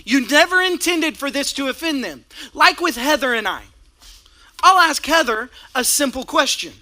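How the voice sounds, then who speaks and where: A man preaching as a pastor before a congregation, telling stories in an animated way and often laughing. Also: very high voice, normal speed. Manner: animated storytelling with frequent laughter. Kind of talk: sermon. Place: church stage before a congregation.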